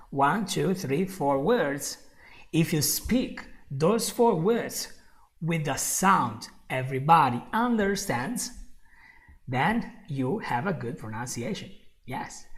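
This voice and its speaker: A woman giving a live online English lesson, who repeats her key points, chuckles often and calls the viewer "my friend". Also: low voice. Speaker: English teacher.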